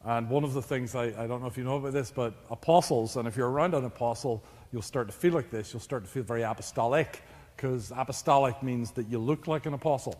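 A man delivers a sermon to a church congregation in a relaxed, joking way, talking to the room as if chatting with friends. His voice sits in an ordinary middle pitch. It rings out with the long reverb of a church hall. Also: fast talker. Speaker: preacher.

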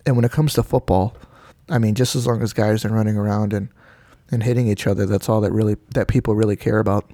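A man's voice: lowish voice, fairly even intonation, fast, warm tone, no echo. A man co-hosting a casual podcast, rambling with lots of "you know" and "like". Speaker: podcast co-host. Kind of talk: casual chat.

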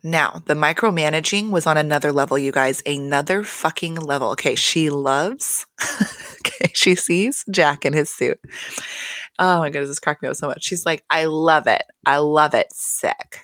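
A woman's voice: sits low, moderate pace, fairly bright tone, dry recording, clean studio sound. A woman giving a casual, chatty recap of a reality show, swearing freely and laughing between points.

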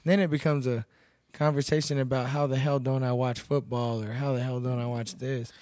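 A man's voice: medium pitch, little pitch movement, a little fast, a little mellow, no room sound, clean studio sound. A young man from Texas, a guest telling stories in a casual podcast chat, blunt and laid-back, swearing freely. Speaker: podcast guest, bouncer and MMA fighter.

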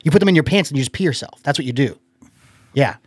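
A man's voice: medium pitch, expressive, fast talker, slightly rough, dry recording, studio quality. Chatty man in casual podcast banter. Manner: chatty storyteller, acts out quoted voices. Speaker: podcast producer co-host. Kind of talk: casual chat.

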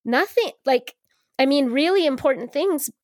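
A woman's voice: sits high, animated, normal speed, dry recording, studio quality. A woman co-hosting a podcast, talking earnestly about a book in a casual conversational way, with fillers and restarts.

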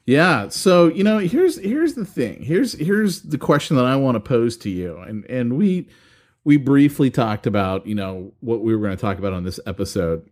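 A man's voice: medium pitch, animated, moderate pace, darkish tone. Bantering male podcast co-host. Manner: bantering, rambling when making a point. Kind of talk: casual chat.

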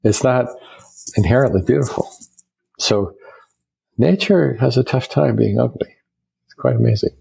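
On poor audio, a low, gravelly, slightly rough voice belongs to an older American man who works as an architect. He reflects during a conversational interview, sharing stories and ideas and bringing quoted people to life with animated voices.

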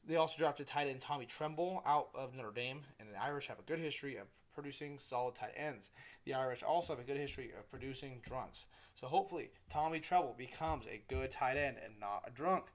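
Hosting his casual sports podcast alone, this young man speaks fairly quickly in a medium pitch. His talk wanders, with frequent self-corrections and plenty of swearing.

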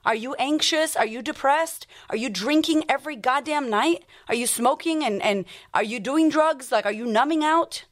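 On her motivational podcast, a high-pitched female life coach speaks with blunt emphasis. Her talk is full of swearing and rapid-fire rhetorical questions.

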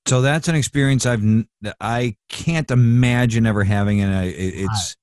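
A man's voice: mid-range voice, moderate pace, a little mellow, no echo, studio quality. Man interviewer prompting for details. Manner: prompting, asks the guest to describe scenes in detail. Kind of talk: podcast interview.

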